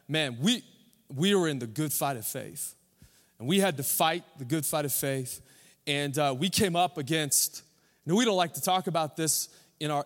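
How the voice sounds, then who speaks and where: Tired pastor preaching in echoing hall. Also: male voice, a little high. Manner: joking, rambling, self-deprecating. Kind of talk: sermon. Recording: long hall reverb.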